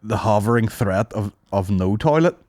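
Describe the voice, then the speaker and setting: A man's voice: lowish voice, animated, moderate pace, a little mellow, no echo, clean studio sound. A man, telling crude stories in a rambling, casual way as a podcast co-host. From Northern Ireland. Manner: crude, rambling storyteller, swears a lot. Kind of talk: casual comedy chat.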